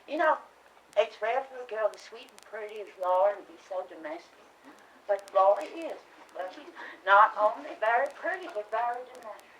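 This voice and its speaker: Actress as a faded southern belle mother, southern accent, chattering with little laughs, high voice, echoey distant stage sound. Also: a bit bright, slight background noise. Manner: gushing, rambling, frequent little laughs. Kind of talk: stage play scene. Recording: roomy stage sound from far off.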